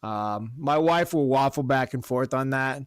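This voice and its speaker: A man telling a long profane story about his neighbor in casual podcast chat, animated and blunt. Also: mid-range voice, a little slow, clear, resonant tone, dry recording, studio quality. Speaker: podcast host. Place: Oregon.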